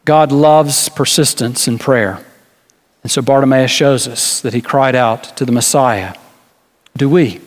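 A man's voice: medium pitch, a little slow, in a large hall. A man preaching a sermon in an earnest way, asking rhetorical questions and restarting small phrases as he goes. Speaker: pastor.

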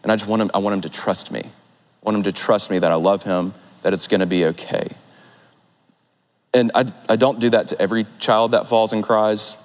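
Young guy preaching, kinda low voice, casual and earnest, big echoey hall. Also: steady tone, brisk. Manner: earnest, conversational, warm storytelling. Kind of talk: sermon. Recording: long hall reverb.

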